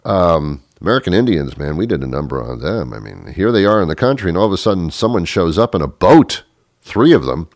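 Very animated and brisk, a low-voiced man performs a comic talk radio monologue in which he rambles, stammers, and pokes fun at himself. It's studio quality with no echo.

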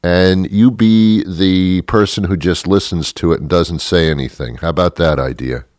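A man's voice: deep voice, steady tone, normal speed, a little mellow, no room sound. An older man hosting a radio show, rambling in a grumpy, sarcastic monologue.

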